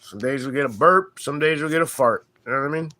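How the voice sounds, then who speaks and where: A man hosting his homestead channel, chatting casually and crudely with viewers in a relaxed, rambling drawl. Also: mid-range voice, fast, a little hiss or hum. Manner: relaxed drawl with loose grammar and fillers. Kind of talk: casual livestream chat with viewers.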